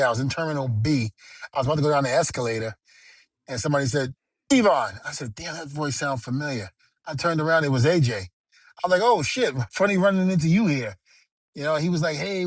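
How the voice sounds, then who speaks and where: A middle-aged man with a mid-range voice co-hosts a podcast, recounting stories in a playful, relaxed manner and voicing the dialogue himself. The recording has no echo.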